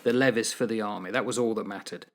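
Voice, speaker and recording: A man's voice: lowish voice, fast, fairly bright tone. Chatty older man. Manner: chatty, jokey, laughs often. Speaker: podcast co-host. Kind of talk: casual history chat.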